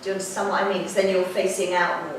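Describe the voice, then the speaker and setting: A woman runs a drama class and gives brisk, practical notes to her students. She is picked up from some distance in a very echoey classroom, with a faint hiss of noise underneath. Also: fairly low pitch, level tone. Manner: brisk and directive, quick instructions. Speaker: drama teacher. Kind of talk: classroom feedback session.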